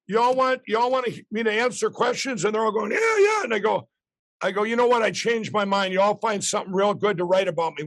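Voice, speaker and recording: A middle-aged man telling a long story as a podcast guest, rambling with restarts and acting out quotes. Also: high-pitched. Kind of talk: animated storytelling.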